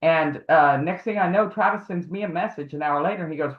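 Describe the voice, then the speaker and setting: A woman's voice: low-pitched, fairly quick. A woman speaks as a guest on a casual livestream. She rambles through her story and acts out the voices of the people she quotes. Her audio is narrow and phone-like, with a hollow echo around it. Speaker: guest, advocate for harassment victims. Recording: tinny phone-like echoey audio.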